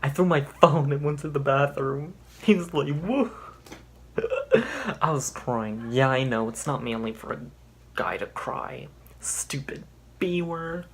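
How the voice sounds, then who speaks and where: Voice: mid-range voice, measured pace, a little hiss or hum. Sarcastic young reader mocking an old story. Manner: sarcastic, exasperated asides. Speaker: youtuber reading an old story aloud. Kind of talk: mocking read-through with commentary.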